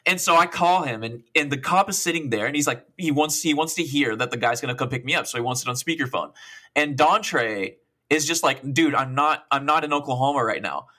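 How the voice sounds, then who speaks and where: A man's voice: medium pitch, brisk. A young man in his twenties co-hosting a podcast, telling a long, profane story casually with lots of quoted dialogue. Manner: rambling, profane, animated retelling with quoted dialogue. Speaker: podcast co-host.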